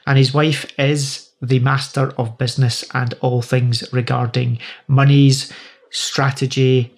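A man's voice: medium pitch, little pitch movement, measured pace. A man co-hosting a podcast in casual chat, explaining things with enthusiastic, slightly rambling energy. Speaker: podcast co-host.

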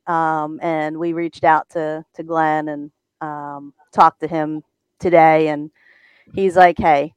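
Lady from a race team telling a story, kinda low smooth voice, stammers and repeats herself a bit. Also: a little mellow, no echo. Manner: storytelling, stammers and repeats words, laughs easily. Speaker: guest, race team member. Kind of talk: telling a story on a talk show.

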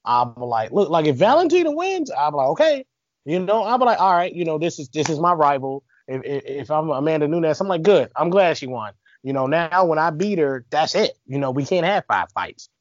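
A brash man talking sports with plenty of slang and swearing, teasing as he goes. His pitch is a little high and swings widely. The sound is dry and muffled. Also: big pitch swings, moderate pace, dry recording. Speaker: podcast host. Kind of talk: casual sports chat.

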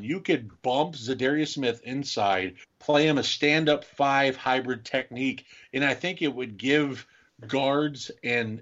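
A man's voice: mid-range voice, fairly bright tone. A man co-hosting a casual sports podcast, rambling through football news and analysis. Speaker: podcast co-host. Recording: muffled lo-fi mic.

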